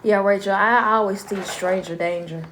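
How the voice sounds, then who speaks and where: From home, a middle-aged grandmother hosts a casual live stream about parenting, speaking bluntly and chattily and often breaking off to address her grandson. Her voice is medium-pitched, steady, and fairly bright at a normal pace, with slight background noise.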